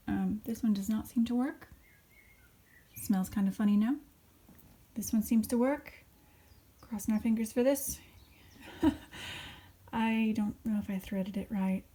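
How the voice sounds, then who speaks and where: A woman's voice: a little high, warm tone. A woman vlogging as she sews a costume, explaining each step in a chatty, self-mocking way and often dropping into half-whispered asides. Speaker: sewing vlogger. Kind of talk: casual sewing vlog with instructions.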